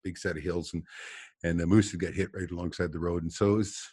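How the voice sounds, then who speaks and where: Guy, low husky voice, dry sound, rambling stories with lots of chuckles. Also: fairly even intonation, fairly quick, dark tone, no echo. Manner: rambling storyteller, chuckles often. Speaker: guest trapper. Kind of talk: casual podcast chat. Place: office.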